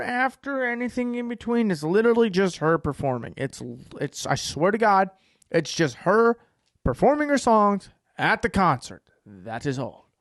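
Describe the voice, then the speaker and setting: A young man co-hosting a podcast, telling a story in a casual, profane way, dropping to a hush and then bursting out loud. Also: on the high side, no room sound, clean studio sound. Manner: animated storytelling, profane, swings from hushed to loud. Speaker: podcast co-host. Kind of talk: casual chat.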